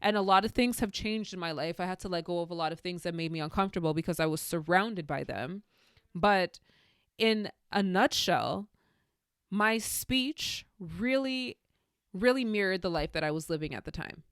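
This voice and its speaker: A woman's voice: fairly low pitch, moderate pace, fairly bright tone, clear, resonant tone, no room sound, studio quality. A young adult woman hosting a solo podcast, speaking candidly and telling stories with spiritual musings. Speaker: podcast host. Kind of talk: reflective solo podcast monologue.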